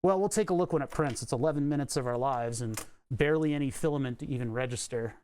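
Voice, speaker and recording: A man's voice: medium pitch, fast, darkish tone, a little hiss or hum. A man streaming from his home workshop, chatting casually and rambling, often chuckling at his own jokes. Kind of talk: casual live-stream chat while working.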